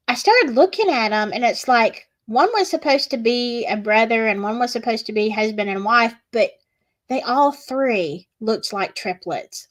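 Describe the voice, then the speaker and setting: A woman with a Southern US accent, hosting a casual livestream and chatting with viewers in a gossipy way. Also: fairly high pitch. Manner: chatty, gossipy, reads chat aloud. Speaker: livestream host.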